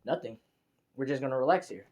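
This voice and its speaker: A man voicing a calm, reluctant young male vampire lord, in a plain, low-key delivery. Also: fast talker, close to an everyday voice.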